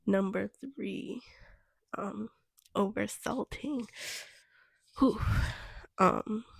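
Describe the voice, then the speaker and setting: A woman's voice: mid-range voice, vocal fry, darkish tone, husky, dry recording, studio quality. A young woman cook chatting casually about kitchen mistakes, rambling with lots of "like" and "um". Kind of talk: casual vlog chat.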